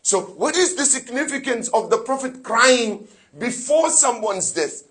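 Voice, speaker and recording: A man's voice: sits high, sharp tone, breathy edge. A man giving a sermon in a mosque, preaching fervently, asking his listeners rhetorical questions and reciting Arabic phrases from scripture. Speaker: sheikh giving a Muharram lecture.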